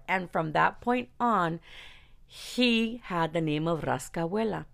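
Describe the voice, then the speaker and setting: A woman casually telling a personal story, candid and profane, animated and quick to laugh. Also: lowish voice, creaky.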